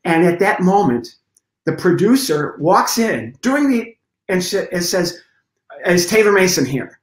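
A middle-aged comedian, a man, telling stories as an interview guest. He is lively and acts out scenes and sound effects as he goes. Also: high-pitched, measured pace. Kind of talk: storytelling in a conversation. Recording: roomy echo.

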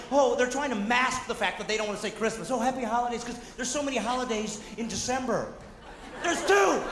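A man doing a high-energy stand-up comedy set, shouting and working the crowd. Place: large hall with a live audience. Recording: echoey hall, loud crowd and noise.

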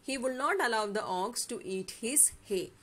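A woman's voice: a little high, lively intonation, a bit bright. A woman teacher with an Indian English accent, reading a fable aloud and patiently explaining each word to her students. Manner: patient, explains words slowly, asks "yes or no?". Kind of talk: classroom story explanation lesson.

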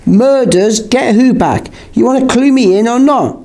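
A man reading an audiobook, voicing a blunt, nosy young man who shouts his demands. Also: very high-pitched, unhurried, pitched above the performer's own voice. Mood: baffled.

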